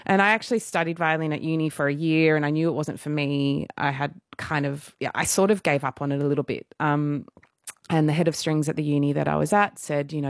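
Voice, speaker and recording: She talks fast in a low voice: a musical theatre performer in her thirties, guesting on a laid-back radio interview and telling stories. She's animated, self-deprecating and laughs a lot. Studio quality, with no echo.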